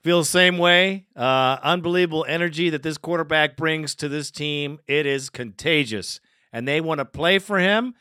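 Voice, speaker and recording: A man hosting a fan podcast, brash and excited, trash-talking the rival team. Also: fairly high pitch, smooth, no echo, studio quality. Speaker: podcast host. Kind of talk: casual fan podcast chat.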